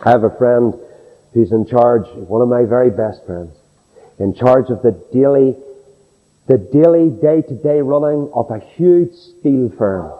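A man with a mid-range voice and slightly slow pace preaches a sermon with drama and emphasis, acting out the people he quotes. The recording sounds dull, with a long hall reverb.

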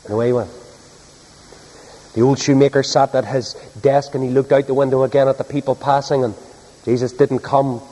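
A man's voice: medium pitch, fairly even intonation, fairly quick, pauses often, warm tone. A man preaching, telling a story in a homely, earnest way. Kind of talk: sermon storytelling. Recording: echoey hall.

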